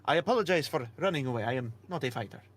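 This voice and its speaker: A man's voice: medium pitch, lively intonation, lightly acted. Timid male traveler with a heavy Russian accent, hesitant and apologetic, played by a man. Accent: Russian, put on. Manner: halting, apologetic.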